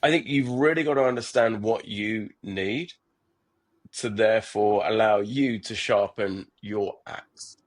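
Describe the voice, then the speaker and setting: A man's voice: lowish voice, a little slow. A middle-aged man, a startup founder, speaking as a podcast guest in an earnest, reflective way, often repeating words and restarting his sentences. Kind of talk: reflective conversational interview.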